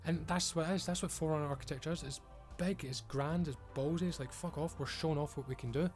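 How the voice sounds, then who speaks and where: A man's voice: a little high, steady tone, quick pace, darkish tone, soft background music. A man giving an emphatic, frustrated rant as a video creator, swearing often. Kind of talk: ranting commentary.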